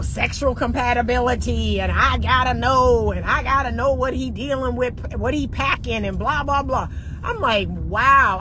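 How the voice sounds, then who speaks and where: A sassy woman over forty coaches her listeners with preachy, repeated punchlines. Her voice sits fairly high. The recording has clear background noise. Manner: sassy, preachy, repeats phrases for emphasis, acts out little dialogues. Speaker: relationship coach. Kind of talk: straight-talking advice monologue.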